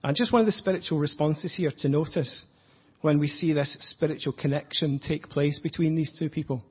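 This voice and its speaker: A man preaching an earnest, reflective sermon, slowing down to stress his points. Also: on the high side, breathy edge, lo-fi sound. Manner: earnest, reflective, slows for emphasis.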